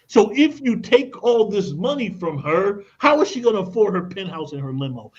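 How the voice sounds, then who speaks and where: A man's voice: high voice, animated, moderate pace, few pauses, muffled recording. A man guesting on a radio interview, explaining in an emphatic way and telling anecdotes. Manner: emphatic, tells anecdotes, repeats "look at this". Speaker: credit expert guest.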